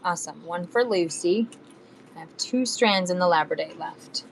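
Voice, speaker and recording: A woman's voice: fairly low pitch, moderate pace, vocal fry, a little hiss or hum, rough recording. A woman talking casually while selling bead strands on a live stream, counting beads and humming to herself as she works. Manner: chatty, counts beads aloud, hums while working. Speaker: live shopping seller.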